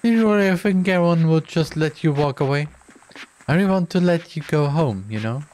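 Guy doing a creepy game show host, high and singsong, slow and gloating, music behind. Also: lively intonation, a little mellow, lightly acted. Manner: gloating and mocking, showman announcements. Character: sinister cheerful male TV show host.

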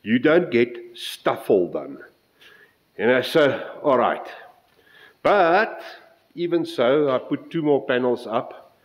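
A man's voice: mid-range voice, animated, slow pace, long pauses, poor audio. A middle-aged South African man giving a casual, rambling update on his model railway layout, often breaking off mid-sentence and counting out measurements. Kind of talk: casual workshop update vlog.

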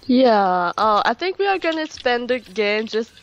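A woman's voice: on the high side, very animated, a little slow, slight background noise. A woman chatting casually with friends while gaming, hesitant and giggly, often repeating her words. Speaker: gamer on voice chat. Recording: muffled lo-fi voice chat.

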